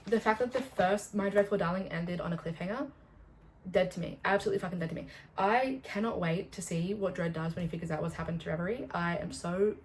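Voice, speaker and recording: Gushing, excitable young woman book vlogger. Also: lowish voice, slight background noise, low-quality recording. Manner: gushing, excitable, swears freely, rambles off topic. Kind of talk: casual chat to camera.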